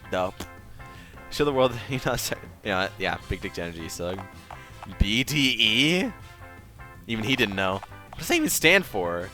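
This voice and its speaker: A man's voice: lowish voice, sharp tone. A man streaming a game, joking casually between lines. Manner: joking, laughs often. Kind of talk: let's play commentary.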